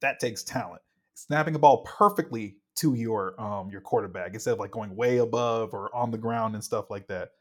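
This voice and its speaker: A young man co-hosts a casual sports podcast, growing animated and worked up as he acts out what players said. His voice is lowish and moves at a normal speed.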